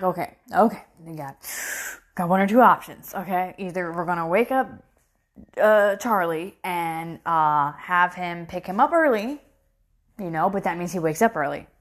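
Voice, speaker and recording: A middle-aged woman telling a story in a casual vlog, animated and acting out her own shocked reactions, recorded on a phone. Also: fairly low pitch, normal speed.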